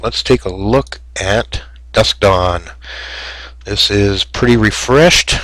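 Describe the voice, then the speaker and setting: A man's voice: lowish voice, a bit bright, no echo, rough recording. A man giving casual, rambling commentary over a game screencast, with many fillers and self-mocking jokes. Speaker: gamer narrating a screencast.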